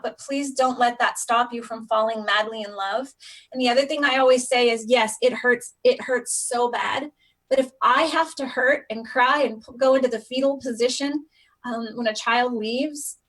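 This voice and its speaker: A woman hosting a casual live stream, with a voice that sits a touch higher than most. She speaks earnestly and from the heart, addressing her viewers directly. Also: fairly bright tone. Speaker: live stream host on foster care.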